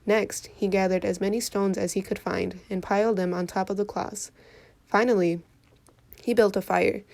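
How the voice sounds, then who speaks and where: A woman reading a folktale aloud for children in an expressive storytelling voice. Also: mid-range voice, normal speed, vocal fry.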